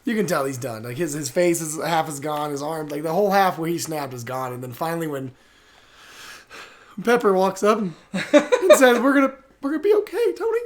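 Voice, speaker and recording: High-pitched guy getting all emotional about a movie, keeps repeating stuff. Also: expressive, normal speed. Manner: emotional, effusive, repeating himself. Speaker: movie podcast co-host. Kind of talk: casual chat reacting to a movie.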